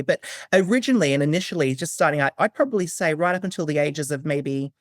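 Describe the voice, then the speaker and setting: A man's voice: on the high side, fast talker, no room sound, studio quality. Earnest man telling a personal story. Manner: earnest, animated, with frequent restarts. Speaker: guest, psychic medium. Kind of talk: conversational storytelling.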